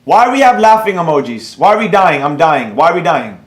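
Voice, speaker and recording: A man's voice: a little high, very animated, a little fast, echoey room. A man hosting a trading livestream, talking bluntly and brashly with some swearing while he reads out the chat. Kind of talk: live-stream rant, reading chat aloud.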